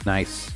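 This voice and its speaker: A young streamer chats casually while playing on his livestream, rambling and answering chat with lots of fillers.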